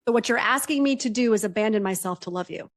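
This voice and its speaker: A woman's voice: medium pitch, quick pace, no room sound. A woman psychotherapist talking as a podcast guest, direct and emphatic, often checking in with "right?". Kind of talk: podcast conversation.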